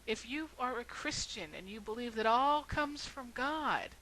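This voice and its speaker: Slow-spoken, earnest woman. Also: a little high, animated, bright, forceful tone, slight background noise, poor audio. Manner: earnest, rhetorical. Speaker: video blogger. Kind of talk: storytelling and earnest argument.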